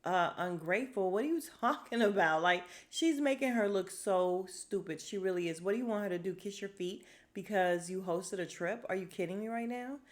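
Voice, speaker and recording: A woman hosting a casual podcast, recapping with a sassy, animated delivery and quick quoted asides. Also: medium pitch. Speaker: podcast host recapping a reality show. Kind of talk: casual chat.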